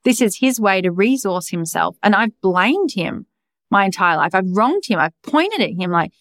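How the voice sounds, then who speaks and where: A woman's voice: medium pitch, big pitch swings, normal speed, fairly bright tone, no room sound. A young adult woman hosting a podcast, talking in a raw, emphatic, confessional way and swearing freely. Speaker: podcast host. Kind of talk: candid personal monologue.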